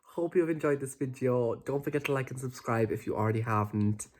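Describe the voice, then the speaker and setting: A young man vlogging outdoors at a flooded holiday park with a phone camera, talking in an excitable, dramatic way. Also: medium pitch, a little fast. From Wales. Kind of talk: casual vlog. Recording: loud wind noise on phone mic. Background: loud wind and water noise.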